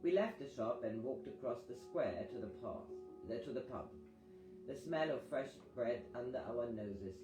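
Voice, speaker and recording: Man narrating a memoir over guitar. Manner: measured storytelling, animated pitch on dialogue. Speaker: audiobook reader. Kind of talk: first-person memoir narration. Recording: echoey reading over guitar music.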